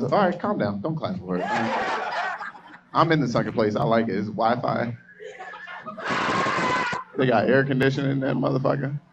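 A man's voice: medium pitch, dull audio. A young man from Atlanta doing stand-up, rambling loosely and teasing the audience as he works the crowd on a club stage. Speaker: stand-up comedian.

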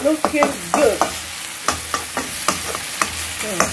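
A woman's voice: sits high, lively intonation, extremely slow, heavy background noise. A woman casually talking through her cooking in a home kitchen, exclaiming over the food. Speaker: cooking vlogger. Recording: loud frying sizzle behind. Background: frying and sizzling food.

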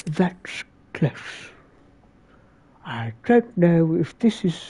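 A man's voice: a little high, very slow, husky. Profane man streaming a game. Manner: excitable and heavily profane, jumping between yelps and mutters. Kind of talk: live game stream commentary.

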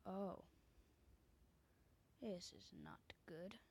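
A woman's voice: mid-range voice, very slow, long pauses, a little mellow, slight background noise. A woman commenting on a game she plays from her bedroom, often dropping into a whisper, into a desk microphone. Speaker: gamer. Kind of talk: casual gameplay commentary.

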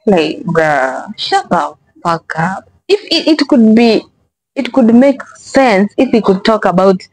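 A woman's voice: mid-range voice, big pitch swings, takes it slowly, darkish tone. A woman reacts to online clips in loose, exasperated commentary, swearing and repeating herself as she goes. Her voice sits in a middle register. The sound is dry, with no room echo. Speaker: reaction video host.

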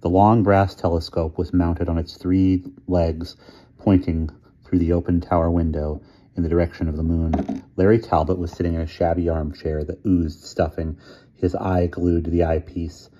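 Man, storybook reader, measured, very deep voice, dark tone, dull lo-fi recording. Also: level tone. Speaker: audiobook reader. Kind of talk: storybook reading.

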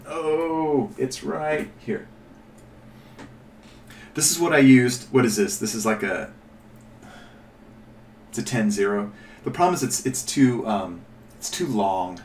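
Speaking at a measured pace with long pauses, a man with a mid-range voice gives a casual show-and-tell on painting miniatures, chatting, rambling and correcting himself as he thinks aloud. A little hiss or hum is audible, and the distant mic captures an echoey room.

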